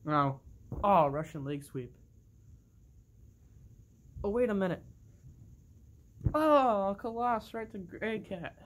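An excitable play-by-play commentator calls a toy wrestling match, breaking into bursts of oohs and laughing mid-call. The delivery is slow and drawn out. The pitch sits in a plain middle register.

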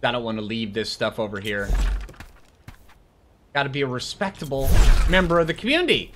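A man's voice: mid-range voice, lively intonation, a little fast, long pauses, a bit bright, a little hiss or hum. A man hosting his own gaming channel, chatting casually and upbeat as he plays. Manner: upbeat, chatty, talks to himself while playing. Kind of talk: casual gameplay commentary.

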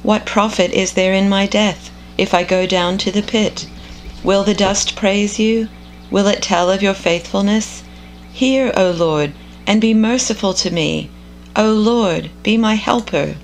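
A woman reading scripture aloud in a measured, contemplative devotional style. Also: medium pitch, slight background noise, low-quality recording. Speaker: scripture reader.

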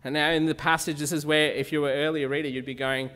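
A man preaches a sermon in a chatty, conversational way, often turning questions back to his listeners. His voice sits a little high. The church's long reverb trails after his words. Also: fast talker, fairly bright tone. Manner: conversational, asks the congregation questions.

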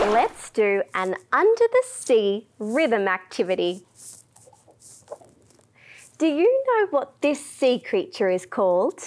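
A young woman teaches a children's music class in a bright, rather high voice that swoops up and down. She speaks very slowly and sing-song, coaxing little ones along and dropping into soft whispers for the quiet parts. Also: wildly swooping pitch.

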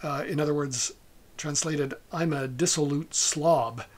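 Male lecturer, husky voice, hesitant delivery, unhurried, slightly high. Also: steady tone. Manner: slow, halting, with many fillers and soft asides. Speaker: music lecturer. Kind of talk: lecture on a recording.

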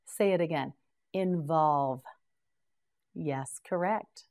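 A middle-aged woman whose voice sits low and a little mellow teaches English vocabulary. In a slow, scripted pronunciation drill, she says each word several times slowly, patiently encouraging and praising the learner.

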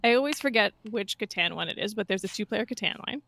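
A woman's voice: mid-range voice, expressive, quick pace, gravelly, fairly bright tone, no room sound. Woman co-host, easygoing, thinks aloud, dry close recording. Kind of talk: casual chat during online board game.

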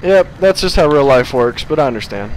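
A man on a game stream throws out crude, joking banter in role-play. His voice sits a little high for a man. A clear layer of noise sits under the audio. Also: expressive, a little fast, a little mellow, low-quality recording.

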